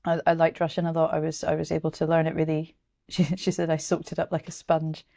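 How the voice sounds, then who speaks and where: A low-pitched woman in her thirties from Scotland, chatting frankly as an interview guest. She talks in an animated, blunt way with the odd swear word and plenty of restarts. The recording is close and dry, with no room sound. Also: brisk, vocal fry, no room sound. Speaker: journalist and author guest. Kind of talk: casual interview chat.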